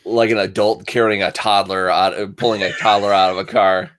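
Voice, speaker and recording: A man's voice: fairly low pitch, level tone, fairly quick, hardly any pauses, fairly bright tone. A man playing a tabletop game, amused as he describes his character. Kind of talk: casual chat.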